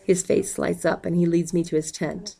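A woman reading a novel aloud in a calm, even way, calling out the page numbers as she goes. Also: on the low side, normal speed, creaky, poor audio. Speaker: audiobook reader.

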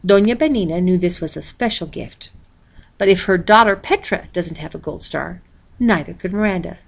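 A woman reading a picture book aloud in a steady, expressive storytelling voice. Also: lowish voice, moderate pace, creaky. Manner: steady, expressive, reads page numbers aloud. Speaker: storybook reader.

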